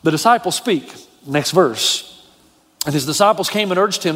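A pastor delivering a sermon in a high, light voice. He preaches with animation, dropping low and quiet, then rising high to drive a point home. His voice carries a long reverb, as if from a large hall. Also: lively intonation, moderate pace, a little hiss or hum.

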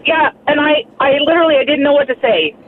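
A woman's voice: high voice, quick pace. A woman caller telling a story, friendly and cheerful. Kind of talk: telling an anecdote. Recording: tinny phone line with faint noise.

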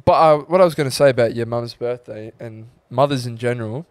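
A man's voice: mid-range voice, quick pace, dry recording. A young Australian man co-hosting a podcast, chatting casually and swearing freely as he tells stories and quotes people. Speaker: podcast co-host. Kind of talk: casual chat.

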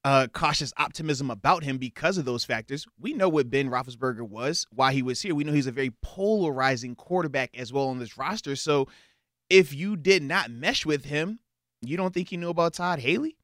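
A man co-hosting a casual sports talk show, reasoning through his points in a measured way. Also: medium pitch, lively intonation, fairly bright tone, no room sound, studio quality. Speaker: sports podcast co-host.

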